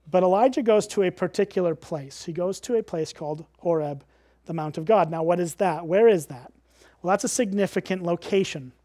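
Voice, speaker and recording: High-voiced man teaching from the Bible. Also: a little mellow, no echo, studio quality. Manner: explains with rhetorical questions, checks in with "right?".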